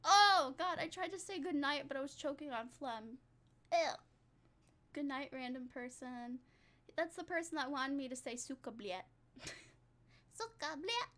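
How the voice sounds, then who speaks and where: A young woman chats casually with her stream viewers, rambling from one thing to the next and making fun of herself between giggles. Her voice sits high. Its tone is bright and sharp. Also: moderate pace. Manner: giggly, rambling, self-mocking. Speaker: vtuber streamer.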